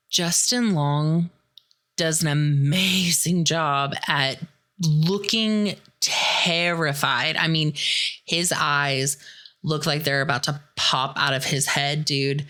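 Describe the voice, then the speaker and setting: A young adult woman hosts a podcast, chattily recapping a horror film and peppering her talk with "like" and "dude." Her voice is low and a bit bright.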